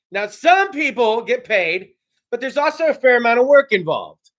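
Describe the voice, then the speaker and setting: A man's voice: very high-pitched, very animated, normal speed, a bit bright. A man in his thirties from California hosting a casual talk show, rambling and profane. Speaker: host. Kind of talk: casual monologue. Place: studio.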